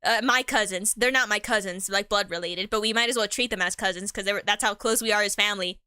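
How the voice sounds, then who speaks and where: A woman's voice: medium pitch, fast, bright, forceful tone, clear, resonant tone, no echo, clean studio sound. A woman chatting casually on a live stream, rambling in slang and laughing often.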